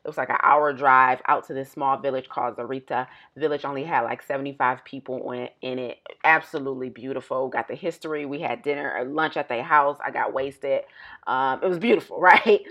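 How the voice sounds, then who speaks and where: Low-pitched female podcast co-host, casual storyteller who laughs easily. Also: brisk, a bit bright. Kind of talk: casual chat.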